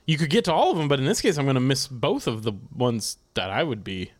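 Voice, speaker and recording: Lively deadpan male comedian. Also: medium pitch, fast talker. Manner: deadpan riffing, playful teasing. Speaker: comedian podcast co-host. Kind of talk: casual comedy banter.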